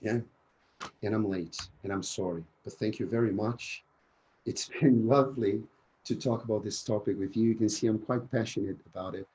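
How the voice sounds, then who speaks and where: Male teacher trainer, energetic online talk, warm tone, slightly muffled video-call sound. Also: lowish voice, normal speed, a little hiss or hum. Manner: energetic, keeps asking "yeah?".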